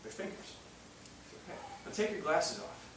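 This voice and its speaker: A man giving an animated, joking seminar talk to a live audience. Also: moderate pace. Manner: animated, joking, acts out voices with laughs. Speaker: chiropractic seminar speaker. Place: large room with live audience. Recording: distant mic, echoey room, noisy.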